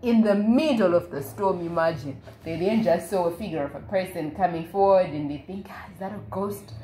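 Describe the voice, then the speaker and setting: Low-voiced woman telling a Bible story. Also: fairly quick, a little hiss or hum. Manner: lively storytelling, acts out quoted voices. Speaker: Bible study leader. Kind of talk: casual Bible study retelling. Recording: echoey room, faint ambience.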